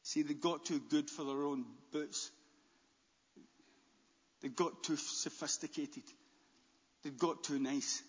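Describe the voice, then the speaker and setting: A man preaching a sermon as pastor, animated, with stammered restarts and bursts near a shout. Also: a little high, slow, pauses often, husky. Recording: dull, long-echo church hall.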